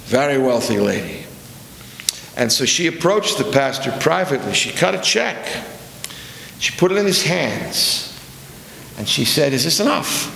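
A man's voice: medium pitch, vocal fry, fairly bright tone, slight background noise. A man preaching a sermon as pastor, telling stories in a conversational, digressive way that corrects itself as he goes. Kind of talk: sermon with storytelling. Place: church sanctuary. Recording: roomy hall with long reverb.

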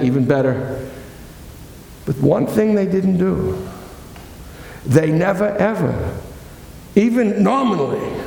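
A man's voice: high voice, gravelly, a little mellow, a little hiss or hum. A male pastor preaching a sermon, chatty and digressive, with asides and restarts, recorded in a church sanctuary. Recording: echoey hall with long reverb.

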